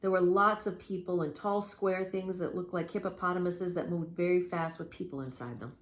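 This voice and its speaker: A woman's voice: lowish voice, normal speed, a little hiss or hum. Woman reading a children's story. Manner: gentle, lively storytelling.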